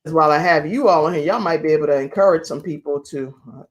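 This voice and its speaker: A woman's voice: sits low, quick pace, breathy edge. Chatty laughing woman talk show host. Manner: chatty, laughs often, encouraging. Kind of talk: casual online talk show interview.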